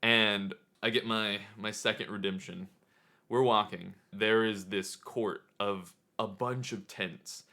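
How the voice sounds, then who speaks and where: A young man casually telling a story to camera, excitable and animated as he retells it. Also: on the low side, slow pace. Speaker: vlogger.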